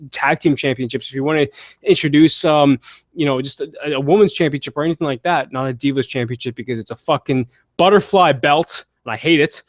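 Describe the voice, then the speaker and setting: Man, podcast host, fairly high voice, blunt and swearing, dry close sound. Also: brisk, no echo. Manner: blunt, profane, animated opinions. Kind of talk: casual wrestling podcast chat.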